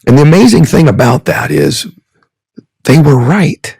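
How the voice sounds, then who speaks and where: A man's voice: fairly high pitch, animated, measured pace, creaky, darkish tone, husky, no echo. A man in his fifties, a podcast guest, telling heartfelt stories in an earnest, emotional, sermon-like way. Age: 50s. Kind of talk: heartfelt storytelling.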